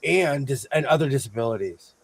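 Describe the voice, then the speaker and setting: A man hosting a sewing show, chatting casually with playful, animated storytelling. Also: medium pitch, fairly quick, vocal fry, slightly rough. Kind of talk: casual livestream chat.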